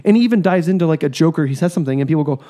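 A man co-hosting a casual podcast chat, ranting in a profane, animated way. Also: fairly high pitch, racing. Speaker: podcast co-host.

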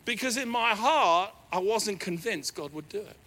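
A middle-aged man with a New Zealand accent, preaching a sermon in a church hall. He tells a personal story in an animated, self-deprecating way. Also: high-pitched, normal speed, slight background noise. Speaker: pastor.

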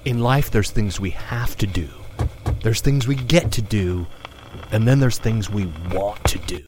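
A man hosting a podcast, reading a measured scripted introduction. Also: lowish voice, heavy background noise. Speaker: podcast host. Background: guitar music.

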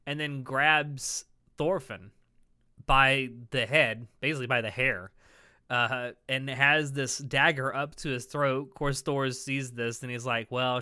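A man's voice: mid-range voice, bright, forceful tone, clear, resonant tone, no room sound, clean studio sound. A man co-hosting a casual podcast, animatedly recapping an episode and swearing freely as he acts out quoted lines. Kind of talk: casual chat.

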